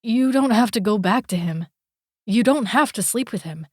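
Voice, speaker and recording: A woman's voice: a little high, lively intonation, moderate pace, dry recording, clean studio sound, voice pushed up. A woman voicing a jealous, possessive young man in an audiobook, throwing crude, cutting accusations. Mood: remorseful. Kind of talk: audiobook character voice.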